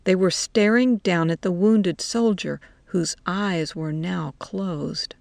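A woman narrating a story in a slow, measured way. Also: lowish voice, gravelly, darkish tone, dry recording.

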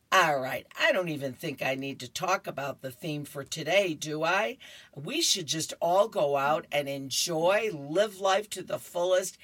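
A woman's voice: low voice, fairly bright tone, husky, no echo. A woman reading horoscopes and comics aloud for a radio reading service, with cheerful chatty asides.

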